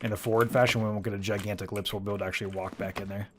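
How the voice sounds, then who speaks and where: A man's voice: on the low side, steady tone, rapid-fire, background noise. Chatty man explaining game tasks. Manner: chatty, explains things, laughs often. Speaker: stream host and game player. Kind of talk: casual gaming chat.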